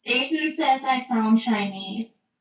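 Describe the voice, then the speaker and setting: A woman's voice: a little high, slow. A woman with an accent on a group call, speaking in a dry, reserved way. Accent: non-native accented English. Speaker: call participant. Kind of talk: casual group call chat. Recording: distant echoey call audio, faint hiss.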